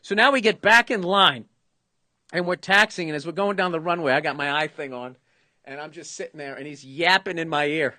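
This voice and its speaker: Boston guy in his 50s ranting thru a funny story, swears a ton, voice kinda high, dry close sound. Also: a little fast, no echo. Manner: profane, animated storyteller, acts out other people's lines. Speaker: comedian, podcast host. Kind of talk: casual storytelling chat.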